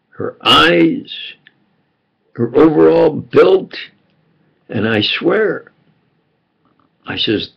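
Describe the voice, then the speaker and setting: An older American man giving a rambling, unrehearsed monologue full of fillers and restarts, with a gravelly, husky voice. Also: a little high, highs cut off. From United States. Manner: meandering, with frequent fillers and restarts. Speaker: self-styled preacher recounting memories.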